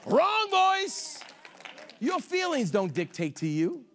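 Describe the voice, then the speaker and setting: High-voiced, emphatic male pastor preaching. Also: huge pitch swings, takes it slowly, slight background noise. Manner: emphatic, with sudden shouted lines and playful asides. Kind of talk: sermon.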